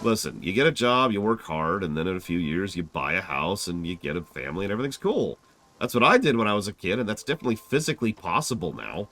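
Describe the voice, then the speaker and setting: A man voicing a stereotypical gruff older man who lectures slowly and loudly about getting a job. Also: sits low, big pitch swings, a little hiss or hum, full character voice. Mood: lecturing. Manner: barking, slow, lecturing.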